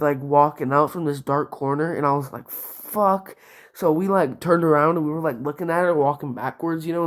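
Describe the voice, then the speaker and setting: A man's voice: on the high side, a little mellow. Young male vlogger, casual profane storyteller, filler-heavy. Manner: profane, rambling, heavy use of "like".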